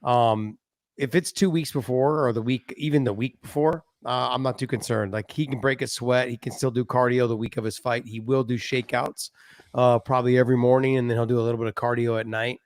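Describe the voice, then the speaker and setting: Male podcast co-host with a gravelly voice; relaxed and offhand, dry close mic. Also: mid-range voice, fairly quick, no echo. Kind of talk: casual chat.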